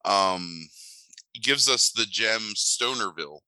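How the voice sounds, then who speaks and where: A man co-hosting a casual movie podcast, his voice low and strikingly forceful. He delivers wry, sardonic put-downs with plenty of ums. The sound is close and dry, with no room echo. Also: lively intonation, slow. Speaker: podcast co-host.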